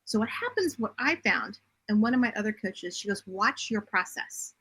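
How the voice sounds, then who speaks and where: A middle-aged woman talking as a podcast guest, telling her story in a direct, animated way. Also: mid-range voice, a little fast, husky. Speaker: podcast guest, bodymind coach and writer. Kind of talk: casual interview chat.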